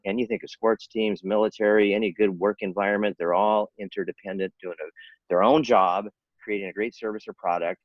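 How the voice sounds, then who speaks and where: An older man in his sixties with a very low voice rattles through his points quickly, earnest and persuasive and often restarting his sentences. The sound is dry and dull, like lo-fi video call audio. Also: fairly even intonation, no room sound. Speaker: interventionist guest. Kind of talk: casual interview talk.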